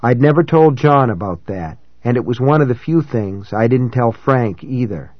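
A man of middling pitch narrates a novel in first person, calm and reflective. His delivery is measured and even. The recording is dry, close and slightly dull. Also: dry recording. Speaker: audiobook narrator.

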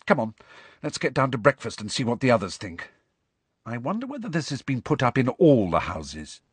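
Casting: man reading a prim know-it-all schoolgirl, husky edge, lifted pitch, dry close sound. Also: very animated, dry recording. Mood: brisk. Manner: brisk, prim, lecturing. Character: clever bossy teenage schoolgirl. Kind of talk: audiobook character voice.

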